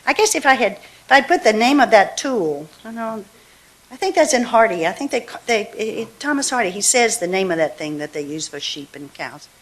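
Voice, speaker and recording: A woman poet at a live reading, talking casually between poems with fillers and restarts, then reading her verse slowly and deliberately. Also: on the high side, big pitch swings. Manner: chatty asides, slow deliberate verse reading. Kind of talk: poetry reading with commentary. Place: university reading hall.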